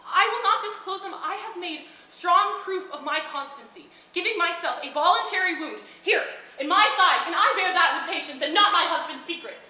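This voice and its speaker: A woman's voice: high-pitched, brisk, bright, forceful tone. A woman playing Portia, a proud noble wife pleading with her husband in an outdoor stage play, with impassioned, rising speech. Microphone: far camera. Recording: distant, echoey open-air stage recording.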